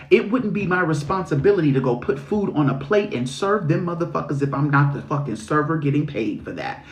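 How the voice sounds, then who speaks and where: A spiritual reader hosts a live stream, delivering a blunt, sweary motivational rant packed with rhetorical questions. He keeps swinging into mocking high voices, and the audio has a roomy echo.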